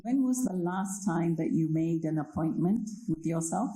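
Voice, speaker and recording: A woman from Kenya giving a spiritual talk on meditation, slow and reflective, often checking in with her listeners. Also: fairly low pitch, lively intonation, dark tone. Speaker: meditation speaker. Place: library hall. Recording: echoey hall.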